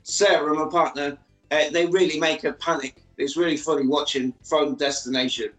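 A man's voice: on the high side, fairly even intonation, normal speed, fairly bright tone, reverberant, faint music behind, rough recording. A man, casually recapping a film's plot and acting out the characters' lines as a podcast co-host.

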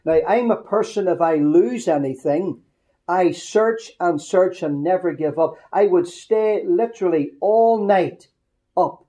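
A man's voice: high voice, mellow. Northern Irish man telling funny stories. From Northern Ireland. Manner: humorous anecdotal storytelling, quick asides. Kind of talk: storytelling sermon.

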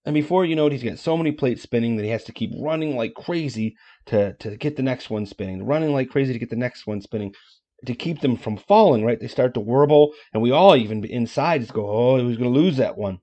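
A man hosting a motivational podcast, talking in a casual, energetic way with folksy asides. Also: medium pitch, brisk, lo-fi sound. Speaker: podcast host.

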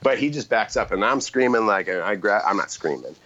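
A man's voice: lowish voice, lively intonation, brisk, sharp tone, lo-fi sound. A middle-aged man on a podcast telling a long, rambling story in casual chat, often correcting himself and laughing.

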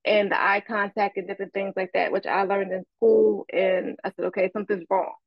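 Woman co-host, hoarse from illness, matter-of-fact, muffled dry recording. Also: mid-range voice, level tone, fairly quick, dry recording. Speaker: podcast co-host. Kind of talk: casual podcast chat.

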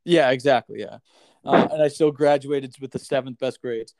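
A man telling a rambling, animated story in casual podcast chat, swearing freely and saying "like" and "dude" a lot. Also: medium pitch, normal speed, dry recording.

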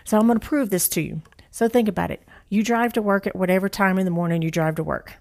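A woman speaking straight to her listeners in a frank motivational talk, voice sitting at a middling pitch. She is blunt and emphatic, drives her points home by repeating them, and drags certain words out slowly for weight, with a casual curse here and there. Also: gravelly, darkish tone.

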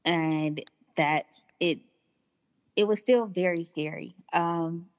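A woman's voice: lowish voice, dry recording. A woman guest in her thirties telling her personal story candidly, acting out the dialogue she recalls. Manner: candid, unhurried, acts out quoted dialogue.

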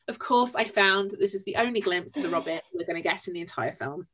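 A woman with a Yorkshire accent, co-hosting a podcast and chatting casually about a film in an animated way, with wry asides. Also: medium pitch, fast, hardly any pauses. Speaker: podcast co-host. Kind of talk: casual film review chat.

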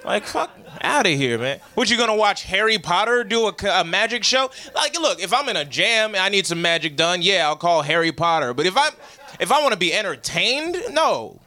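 A young man performing stand-up comedy with a high-pitched, bright, forward voice. He talks loosely and profanely, as if chatting with the crowd, and acts out the people he quotes. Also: very animated, brisk.

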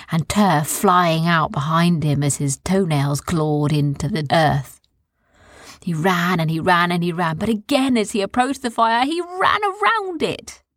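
Woman reading a kids story, low breathy voice, dry close mic, calm. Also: no echo. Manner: calm, soft, descriptive. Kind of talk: bedtime storytelling.

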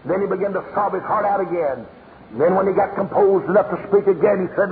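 A male evangelist from Tennessee with a Southern accent, preaching a revival sermon as a storyteller whose voice rises to shouts. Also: high voice, brisk, a crowd in the background. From Tennessee, USA. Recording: muffled phone-like old tape in a reverberant hall, faint hiss.

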